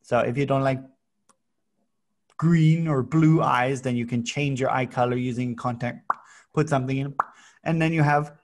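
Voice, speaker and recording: An American man teaching English to children, playful and animated, with sound effects. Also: mid-range voice, moderate pace, pauses often.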